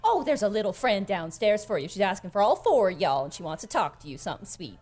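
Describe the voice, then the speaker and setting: A fussing, doting cat mother figure, as a woman puts her on with a drawl. Her sweet, folksy talk swoops through a lively pitch range, warm and chatty. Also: quick pace, faint music behind. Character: motherly female cat innkeeper helper, fussing.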